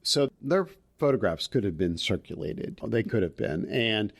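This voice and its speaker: Low-voiced man adding short reflective remarks. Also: animated, moderate pace. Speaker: podcast guest. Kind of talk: casual film discussion.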